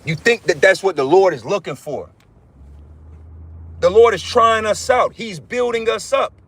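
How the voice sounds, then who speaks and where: A man with a high, somewhat bright voice and a breathy edge preaches fervently on a livestream at a measured pace. He repeats himself, swears, and calls his listeners brothers.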